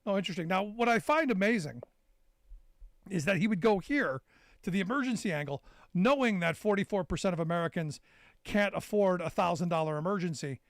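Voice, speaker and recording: A man's voice: high voice, expressive, a little fast, no room sound, studio quality. A man hosting a call-in talk radio show, chatting with a guest and cracking sarcastic jokes. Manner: wisecracking, sarcastic asides.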